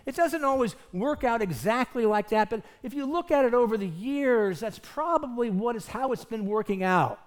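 A male pastor delivers a sermon in a fairly high voice that rises and falls a lot. He talks earnestly and leans hard on key points. He keeps asking the congregation rhetorical questions. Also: animated, moderate pace, few pauses.

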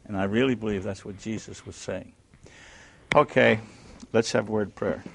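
A man teaching a Bible class who questions his listeners, answers himself, and swings between loud emphasis and hushed tones. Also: fairly low pitch, fairly even intonation, normal speed, gravelly, slight background noise.

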